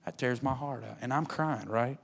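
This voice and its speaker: A preacher in the middle of a sermon, folksy and emphatic. His voice is plain and mid-pitched, and it climbs loud on his points, then drops to a near hush. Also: normal speed, creaky.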